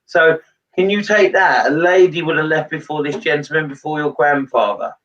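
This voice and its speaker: A man working as a medium, giving a live reading to a sitter in a halting way, with many pauses and fillers. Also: a little high, fairly bright tone. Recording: distant mic, dull lo-fi sound.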